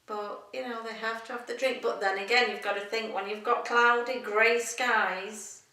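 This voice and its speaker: Middle-aged woman, interviewee, bright and gravelly, chatty, recorded in an echoey room with a distant mic. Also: on the high side, fairly even intonation, moderate pace. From England. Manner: chatty, rambling, laughs often. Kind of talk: casual interview chat.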